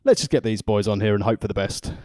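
A man co-hosting a podcast from his home, chatting wryly and laughing easily at his own jokes. His voice sits a little low. The sound is dry and close to the mic. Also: a little mellow, no room sound. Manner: chatty, wry, quick to laugh. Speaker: podcast co-host. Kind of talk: casual chat recapping a wrestling show. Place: home, near the kitchen.

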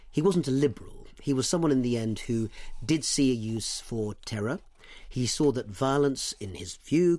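A man's voice: mid-range voice, darkish tone, no echo. A man interviewing a guest, asking long probing questions. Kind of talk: long-form political interview.

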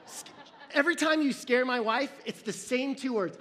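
A man's voice: extremely high pitch, expressive, moderate pace, a bit bright, big-room sound. A pastor in his forties preaching a sermon, earnest and storytelling, with self-deprecating humor.

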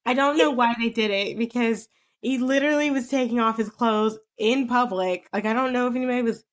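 A young woman with a notably high voice chats casually, breaking into laughter and quick exclamations. She reacts more than she narrates. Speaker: podcast co-host. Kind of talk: casual chat.

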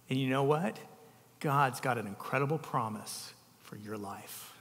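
A male pastor from the United States with a slightly high voice, preaching a heartfelt sermon full of personal stories. He swings between lively emphasis and soft, tender lines. The sound carries the long reverb of a large hall. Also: normal speed. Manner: emotional, storytelling, speaks softly at tender moments.

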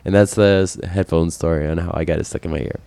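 Casual male storyteller, quick and lively, does the voices, dry sound. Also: deep voice, vocal fry, clear, resonant tone, no echo. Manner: animated retelling, acts out voices.

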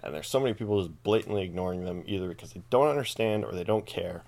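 A man with a low voice hosts a podcast and rambles through a casual comedic rant. He swears freely and keeps amusing himself as he talks. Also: lively intonation, fast, gravelly, few pauses, darkish tone. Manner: profane, rambling, self-amused. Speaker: podcast host.

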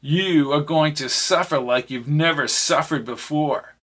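A man's voice: fairly high pitch, unhurried, fairly bright tone. A man voicing a cold, smug villain who taunts his captive in an audiobook reading. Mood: taunting. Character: cold menacing man who manipulates realities.

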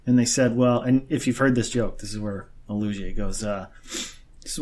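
A man's voice: fairly low pitch, little pitch movement, normal speed, a little mellow. A man in casual chat, telling long crude jokes and acting out the characters in them. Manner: rambling joke-teller acting out characters.

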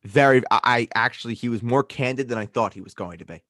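A man hosting a casual podcast, an animated storyteller who swears freely. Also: medium pitch, quick pace, no echo, studio quality. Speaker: podcast host.

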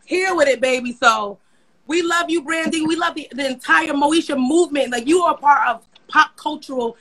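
High, bright-voiced gushing woman. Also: normal speed, low-quality recording. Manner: gushing, enthusiastic fan talk. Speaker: podcast co-host. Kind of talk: casual chat.

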